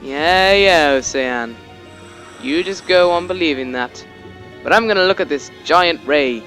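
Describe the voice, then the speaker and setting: A young man in casual let's-play commentary, rambling and joking as he plays. His voice sits a bit high, and he swears freely. Faint game music runs behind him. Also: expressive, unhurried, fairly bright tone.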